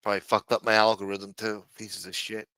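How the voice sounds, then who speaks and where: A man's voice: fairly low pitch, flat delivery, brisk, sharp tone, clear, resonant tone, no room sound. A man with a New Jersey accent hosting a casual livestream, reading the chat aloud in rambling, profane street talk. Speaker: livestream host.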